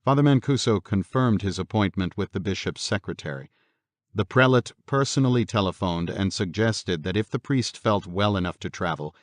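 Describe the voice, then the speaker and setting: Deep-voiced man reading a horror audiobook. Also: no room sound, studio quality. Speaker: audiobook narrator. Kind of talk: scripted horror audiobook narration.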